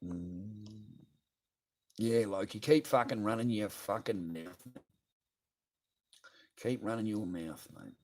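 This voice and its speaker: A man's voice: on the low side, slow pace, pauses often, darkish tone. An Australian man livestreaming, ranting bluntly and profanely as he reads viewer comments aloud and answers them. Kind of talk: ranting live stream chat.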